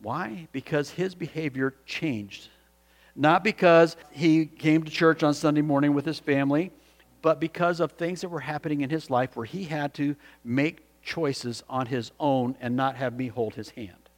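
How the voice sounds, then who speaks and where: Earnest male pastor with a high voice. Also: moderate pace. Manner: earnest storytelling with frequent restarts. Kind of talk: sermon. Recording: long hall reverb.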